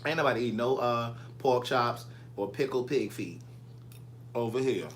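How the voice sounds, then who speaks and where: A man's voice: medium pitch, normal speed, slight background noise. A man, chatting casually from his home kitchen as a vlogger, playfully answering viewer comments. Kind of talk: casual live chat with viewers.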